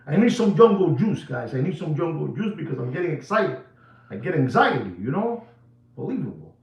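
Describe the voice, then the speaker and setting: Man, excitable, repetitive, mixes languages, fairly high voice, roomy echo. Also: fairly quick, creaky, distant mic. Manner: excitable, switches between English and Spanish, repeats himself; drops to a low serious tone. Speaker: watch channel host. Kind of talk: animated casual monologue.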